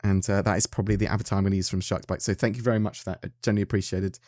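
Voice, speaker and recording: A man's voice: deep voice, little pitch movement, very fast, a little mellow, no room sound, clean studio sound. An English man hosting a gaming channel, chatting casually and self-deprecatingly to his viewers with frequent restarts. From England. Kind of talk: casual video chat to viewers.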